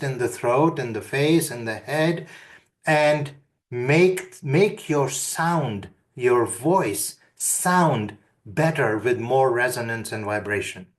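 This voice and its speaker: A man giving a webinar lesson, calmly guiding listeners through breathing and humming exercises. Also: medium pitch. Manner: calm, deliberate instruction. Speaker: webinar speaker. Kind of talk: instructional webinar talk.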